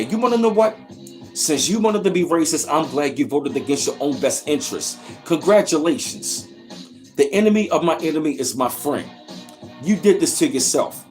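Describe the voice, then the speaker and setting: A man's voice: a little high, darkish tone. A man hosting a reaction channel, ranting in a heated, profane way and repeating himself with "yo". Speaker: commentary channel host.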